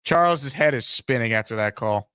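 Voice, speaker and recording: A man hosting a comedic sports talk show, teasing his callers with quick banter. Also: medium pitch, lively intonation, background noise.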